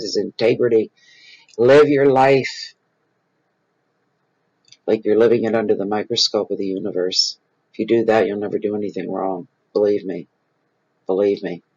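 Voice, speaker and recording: Expressive man, husky and low. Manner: expressive, rambling, repeats phrases for emphasis. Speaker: tarot reader and channel host. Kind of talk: casual improvised spiritual talk to viewers. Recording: dull lo-fi recording.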